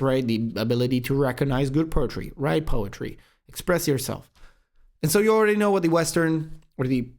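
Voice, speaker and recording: A young man hosting a self-improvement video, talking fast and casually with lots of swearing, calling the viewer bro. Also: mid-range voice, a little mellow. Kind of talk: casual monologue to camera.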